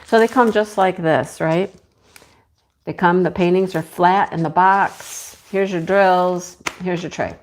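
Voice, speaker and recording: A woman's voice: fairly low pitch, fairly even intonation, a little slow. A woman with a country American accent hosting a casual craft live stream, chatty and greeting viewers by name. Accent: rural American country. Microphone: clip-on mic.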